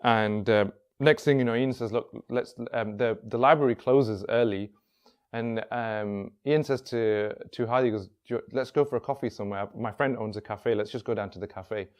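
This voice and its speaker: A man telling a long story in a casual, spoken way, dropping his voice quieter when he quotes people. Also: mid-range voice, normal speed. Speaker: workshop speaker.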